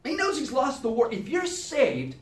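A man teaching Sunday school with a lively, swooping delivery, acting out little scenes as he goes. His voice sounds a little distant from the mic and rings in a roomy, echoey space. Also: extremely high pitch, normal speed. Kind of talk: animated Bible lesson.

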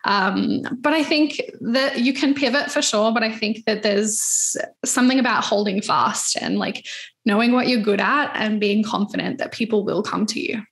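A woman's voice: medium pitch, moderate pace, fairly bright tone. A woman guest on a podcast, talking in a friendly, reflective way with plenty of casual fillers. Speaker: podcast guest, web design coach. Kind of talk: casual conversational interview.

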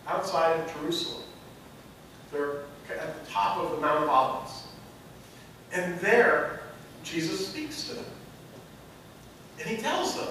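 A pastor preaches his sermon in a high-pitched voice that swells into loud, emphatic peaks as he tells his story. He is picked up from a distance, and his voice rings through a very echoey church sanctuary. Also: animated, measured pace, pauses often, a little hiss or hum.

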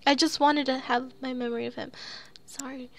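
A woman's voice: high voice, steady tone, brisk. Woman reading Sissy, a timid tearful girl. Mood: distraught. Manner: pleading, self-blaming. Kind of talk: reading game dialogue aloud.

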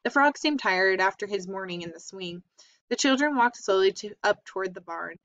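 A woman's voice: mid-range voice, expressive, moderate pace, a bit bright. Brief: woman reading a storybook aloud, plain delivery with small slips, dull lo-fi sound. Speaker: reader. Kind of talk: reading a children's book aloud. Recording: slightly dull lo-fi recording.

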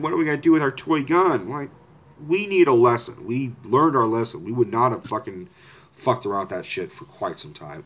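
A man telling a personal story in a casual, rambling way, often correcting himself and swearing. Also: mid-range voice.

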